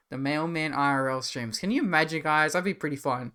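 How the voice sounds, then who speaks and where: Bright, chatty male streamer. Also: fairly high pitch, fairly quick. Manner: rambling, chatty, reads chat aloud. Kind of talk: casual live-stream chat.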